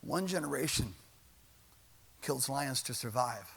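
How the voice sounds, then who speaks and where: A man's voice: mid-range voice, lively intonation, measured pace, creaky, a bit bright, slightly rough. A man preaching a sermon as pastor in a church, building his points with repeated refrains and rising intensity.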